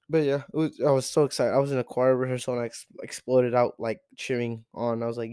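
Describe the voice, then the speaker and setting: A man's voice: mid-range voice, level tone, fast, few pauses, dark tone, smooth, dry recording, clean studio sound. A teenage boy hosting a podcast, ranting in an exasperated, profane way with lots of repeated rhetorical questions. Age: teens. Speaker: podcast host. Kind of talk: solo sports rant.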